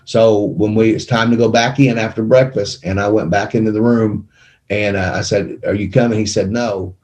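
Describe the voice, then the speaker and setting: A middle-aged man telling his own life story in a studio conversation, emotional and animated as he acts out what people said. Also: fairly low pitch, moderate pace. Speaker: guest telling his testimony. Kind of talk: conversational testimony. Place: small media studio. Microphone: studio microphone.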